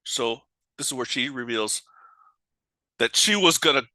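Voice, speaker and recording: Bright-voiced man, laid-back podcast host. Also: mid-range voice, expressive, unhurried, no echo. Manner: brief, chuckling replies. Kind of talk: casual movie commentary chat.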